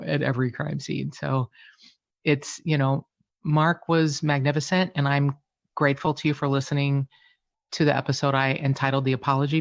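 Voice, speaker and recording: A woman's voice: very deep voice, no room sound, lo-fi sound. A woman who hosts a true crime podcast, talking as a guest in a candid interview, frank and emotional, self-deprecating and swearing casually.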